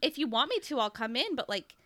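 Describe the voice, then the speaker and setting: A woman's voice: sits high, big pitch swings, brisk, pushed and bright. A woman in her thirties, congested from a cold, chatting casually as a podcast co-host and telling long rambling stories with frequent laughter. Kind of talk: casual chat.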